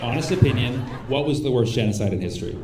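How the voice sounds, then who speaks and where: A male stand-up comedian doing crowd work, sarcastic and mock-defensive, sometimes bursting into shouts. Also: medium pitch, animated, fast. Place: comedy club stage. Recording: comedy club with audience laughter and noise.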